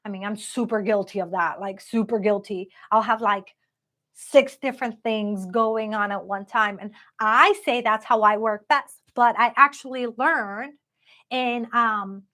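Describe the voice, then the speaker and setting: A woman's voice: a little high, sharp tone. A woman giving a live-streamed tarot reading in a chatty, upbeat way, talking straight to her viewers. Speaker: tarot card reader.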